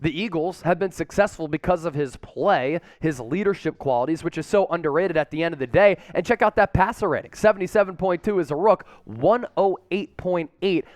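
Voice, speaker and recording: Fired-up sports news guy, kinda high voice, really emphatic. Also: fairly quick, hardly any pauses, no room sound, studio quality. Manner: emphatic, hyped-up fan delivery. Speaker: sports show host. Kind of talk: energetic sports news commentary.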